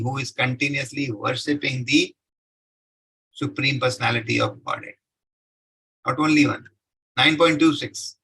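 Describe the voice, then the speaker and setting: A man's voice: fairly high pitch, pushed and bright, slightly rough, low-quality recording. A man giving a devotional scripture lecture. He recites Sanskrit verses, then explains them, and keeps asking his listeners questions that he answers himself. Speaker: scripture class speaker.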